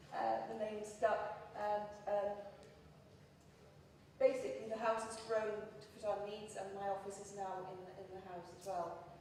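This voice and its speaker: An Englishwoman gives a conference presentation in a chatty, self-deprecating way, filling her pauses with ums. Her mid-range voice is picked up from across a large hall, with heavy echo, a long reverb tail and faint room hiss behind it. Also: medium pitch, flat delivery, a little mellow. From England. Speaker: conference speaker. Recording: echoey hall recorded from far off.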